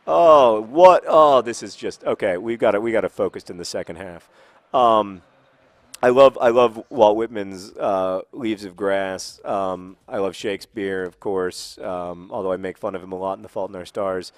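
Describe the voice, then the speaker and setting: A man's voice: low-pitched, fairly even intonation, moderate pace, dry recording. A man in his thirties rambling in casual chat while playing a football video game, self-mocking with sudden frustrated outbursts.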